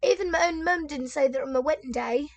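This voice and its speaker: Brief: a woman doing a scornful British mother-in-law, dismissive, high and loud. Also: quick pace, no room sound, muffled recording. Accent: British, put on. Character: rude, complaining British mother-in-law, middle-aged woman.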